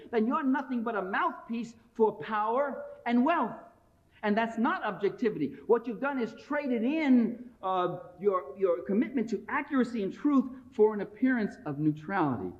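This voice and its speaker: Combative man lecturing on a dull tape. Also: very high-pitched. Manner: combative, emphatic, sarcastic. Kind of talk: public lecture.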